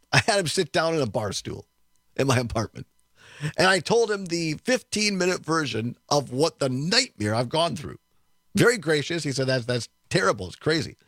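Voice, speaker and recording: A man hosting a radio talk show, telling a story in a chatty, animated way, chuckling often and acting out what people said, from a studio. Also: on the high side, moderate pace, dry recording. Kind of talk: storytelling chat on air.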